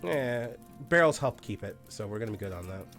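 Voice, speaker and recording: A man's voice: fairly low pitch, animated, brisk, a bit bright, faint music behind. A man chatting casually on a live game stream, swearing freely and barking orders at the game characters. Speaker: streamer playing a colony sim game.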